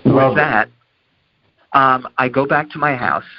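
A man's voice: medium pitch, slow pace. An older man from New Jersey telling an anecdote from his career and acting out each person's lines. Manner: acts out dialogue with lively voices. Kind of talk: anecdotal storytelling talk. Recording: dull lo-fi audio.

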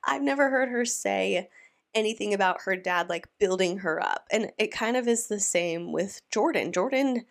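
A woman giving casual reaction commentary, talking in a chatty, incredulous way with many restarts. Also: mid-range voice.

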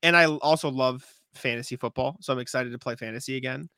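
A man with a bright voice chats loosely on a sports podcast. He recorded close in a dry, dead space, with no room echo, and he keeps things relaxed, chuckling and trailing off into "like". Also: mid-range voice, fast, smooth. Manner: easygoing, laughs often, hedges with "like". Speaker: podcast co-host. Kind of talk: casual sports podcast chat.

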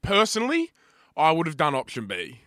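A man's voice: a little high, huge pitch swings, normal speed, bright, forceful tone, dry recording, clean studio sound. A young man co-hosting a podcast, bantering casually with blunt, sweary remarks. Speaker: podcast co-host. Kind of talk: casual chat.

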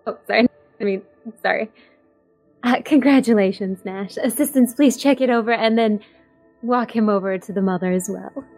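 Guy doing a high squeaky flustered medic, fussy and apologetic. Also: normal speed, a little mellow, faint music behind.

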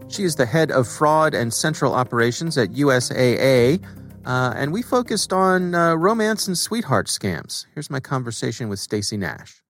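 A man co-hosting a podcast, chatting casually with frequent fillers about scams. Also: a little high. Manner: relaxed, conversational with frequent fillers. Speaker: podcast co-host. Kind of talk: casual chat.

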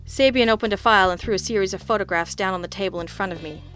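A woman's voice: medium pitch, very fast, fairly bright tone, soft background music. Wry woman narrating a hard-boiled story. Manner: wry, sardonic, teasing. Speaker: audiobook narrator.

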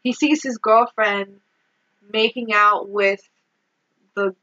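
A woman co-hosting a podcast, recapping a movie in animated casual chat, laughing often and saying "like" a lot. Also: mid-range voice, slow, lo-fi sound. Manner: animated, laughing, heavy use of "like". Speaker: podcast co-host.

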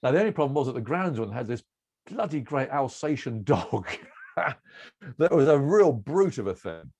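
A middle-aged man telling relaxed anecdotes as an interview guest, rambling and self-deprecating with restarts and chuckles. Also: medium pitch, moderate pace, a little hiss or hum. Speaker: cricket broadcaster, interview guest.

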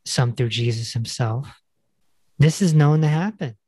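A man's voice: mid-range voice, a little slow, dark tone, breathy edge, dry recording. A man hosting a podcast, talking in a reflective, conversational way. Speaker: podcast host. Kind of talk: casual interview conversation.

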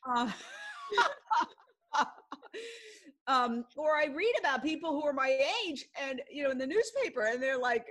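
A woman's voice: sits high, animated, unhurried, pauses often, fairly bright tone. An older woman, a broadcast journalist appearing as a guest, chatting casually on a podcast and telling stories earnestly, acting out what people said. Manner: earnest storyteller, acts out quoted speech.

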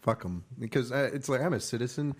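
A man's voice: medium pitch, animated, quick pace, husky. A man from Oklahoma on a casual podcast, telling blunt, profane travel stories and acting out the people in them. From Oklahoma, United States. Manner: blunt, profane anecdotes with quoted voices. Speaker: podcast co-host. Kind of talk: casual chat.

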